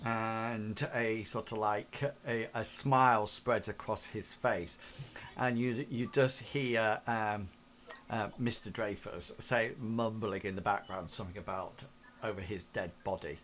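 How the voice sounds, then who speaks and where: A man's voice: on the low side, fairly even intonation, slow, fairly bright tone. A man running a tabletop game as game master, narrating in a rambling way with many fillers.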